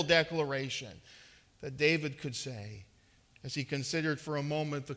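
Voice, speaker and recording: A man's voice: fairly high pitch, normal speed, sharp tone. A man preaching a sermon, earnest and emphatic, rising in intensity and repeating words as he presses each point. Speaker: pastor.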